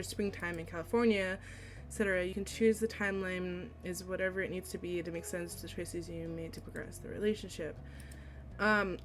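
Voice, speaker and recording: A woman streamer reading a visual novel aloud, excitable and giggly, with squealing reactions between read passages. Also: mid-range voice, a little hiss or hum.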